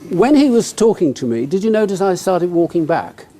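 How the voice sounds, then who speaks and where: A man's voice: sits high, sing-song, moderate pace, warm tone. A man giving a humorous, conversational talk on networking to a live audience, speaking to them directly.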